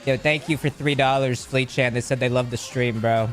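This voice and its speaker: A man's voice: medium pitch, fairly even intonation, moderate pace, soft background music. A man livestreaming casually, rambling and joking while he reads chat aloud and thanks subscribers.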